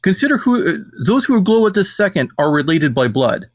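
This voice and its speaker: Higher-voiced man playing a formal adventurer. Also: big pitch swings, brisk, dry recording. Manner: formal, earnest in character speech. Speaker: player. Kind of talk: playing a character in a tabletop game.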